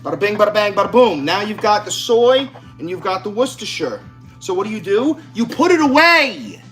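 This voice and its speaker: Animated and fairly quick, his voice sits high as he cooks in his home kitchen. The home cook vlogger chats casually to camera with brash jokes and plenty of swearing, backed by music.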